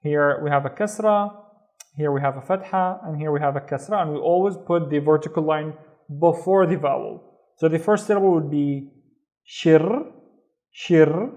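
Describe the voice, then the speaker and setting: A man's voice: a little high, darkish tone. Patient man teaching reading. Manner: patient, slow repetition of syllables. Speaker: Arabic teacher. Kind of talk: reading lesson for beginners.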